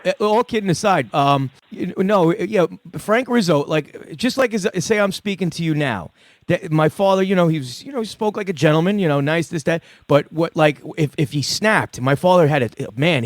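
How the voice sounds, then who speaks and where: A man's voice: fairly high pitch, no room sound. A middle-aged man hosting a call-in podcast, talking loosely and profanely in rambling stories. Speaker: podcast host. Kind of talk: casual call-in chat.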